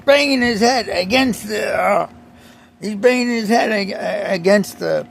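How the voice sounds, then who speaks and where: A man's voice: sits high, measured pace, creaky, slight background noise. A man delivering an emphatic, repetitive ranting monologue, often restarting his sentences.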